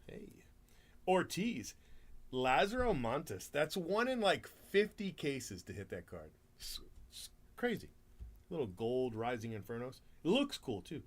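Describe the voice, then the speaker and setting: A man hosting a live card break stream, chatting casually, laughing often and rattling off player names. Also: medium pitch.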